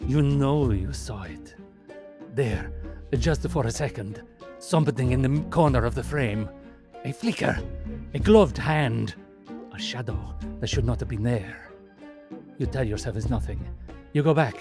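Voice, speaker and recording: A man doing a hushed, dramatic horror-promo narration in a mock Italian accent over music. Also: medium pitch, lively intonation, measured pace, long pauses. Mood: ominous. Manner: hushed, dramatic, suspenseful delivery. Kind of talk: comic ad read.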